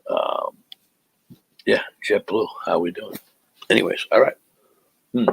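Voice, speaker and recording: A man's voice: fairly low pitch, slow, gravelly, husky, dry recording, low-quality recording. A middle-aged man, hosting a live podcast as a comic and telling stories in a rambling, stop-start way. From Boston area, USA. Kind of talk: casual live podcast chat.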